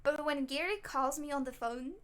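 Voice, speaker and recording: A woman's voice: sits high, steady tone, moderate pace, fairly bright tone. A woman streamer chatting casually with her viewers, reacting aloud and talking straight to chat.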